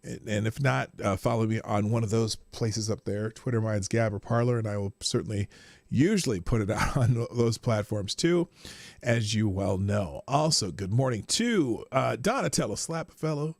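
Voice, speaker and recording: A man's voice: fairly low pitch, lively intonation, moderate pace, gravelly, no echo, clean studio sound. A man hosting a casual live stream, rambling about his day and greeting viewers by name. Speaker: livestream host.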